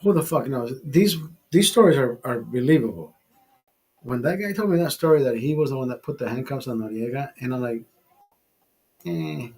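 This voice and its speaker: A man's voice: mid-range voice, animated, fairly quick, a little mellow. A man hosting a casual show, telling a long rambling anecdote full of swearing and acted-out quotes. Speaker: host. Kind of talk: casual storytelling chat.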